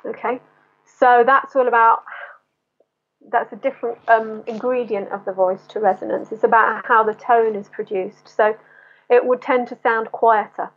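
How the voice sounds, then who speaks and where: A woman's voice: on the high side, fairly even intonation, moderate pace. A woman vocal coach explaining singing technique in an interview, in a teaching manner that breaks into short sung demonstrations. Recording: tinny phone-like line.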